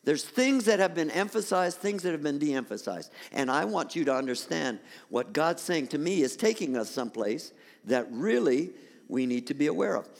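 A man preaches a sermon to his congregation, his voice swinging widely and climbing to emphatic peaks. His voice sits a little high for a man. The sound carries the long reverb of a church hall. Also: animated, moderate pace, gravelly. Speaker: pastor. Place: church sanctuary.

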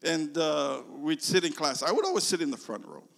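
An older man preaching a sermon, telling a story slowly and moving between loud emphasis and hushed, near-whispered lines. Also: a little high, animated, creaky. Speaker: pastor. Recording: long reverb of a large hall.

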